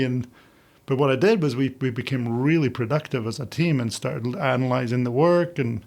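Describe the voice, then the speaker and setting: A man speaks as a podcast guest in a gravelly, mid-pitched voice. He tells his stories with animation and mimics the people in them as he goes. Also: moderate pace. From Scotland. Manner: animated storyteller, acts out quoted voices, laughs often. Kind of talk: casual interview chat.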